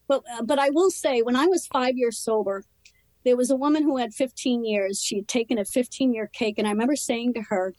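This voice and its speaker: Opening up with sincerity, a female interview guest shares her personal recovery story in conversation. She speaks in a higher-leaning, slightly mellow voice, her phrases brief and hesitant. The audio is poor, recorded close and dry with no echo or room sound.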